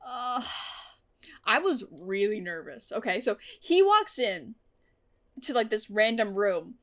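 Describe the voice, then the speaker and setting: A woman's voice: mid-range voice, big pitch swings, takes it slowly. A woman reacting to a TV episode in casual commentary, gushing and emotional, swearing freely. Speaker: TV reaction vlogger.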